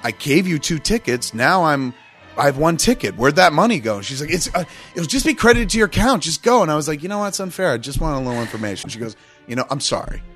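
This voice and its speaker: Profane rambling storyteller, lively pitch. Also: male voice, quick pace, faint music behind. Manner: profane, rambling, acts out quotes. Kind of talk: casual storytelling chat.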